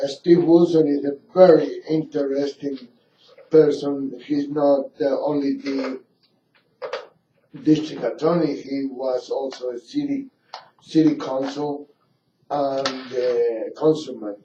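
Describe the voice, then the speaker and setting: Slow, rambling male radio host. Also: mid-range voice, steady tone, mellow, slight background noise. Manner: rambling, halting, full of filler pauses. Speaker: radio talk show host. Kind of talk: casual radio talk. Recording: roomy lo-fi radio studio mic from a distance.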